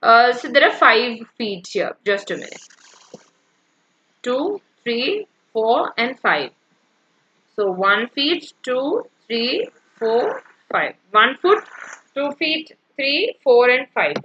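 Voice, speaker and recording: A woman's voice: fairly high pitch, sing-song, slow, bright, forceful tone, lo-fi sound. A woman teacher explaining poetic meter in an exam-prep lecture, checking in with "yeah" and counting out the feet aloud. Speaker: English literature teacher.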